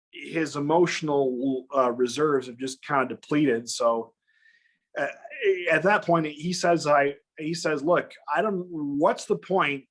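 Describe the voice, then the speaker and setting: A man telling a long personal story in casual chat, animated and acting out other people's lines in raised voices. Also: a little high. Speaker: guest.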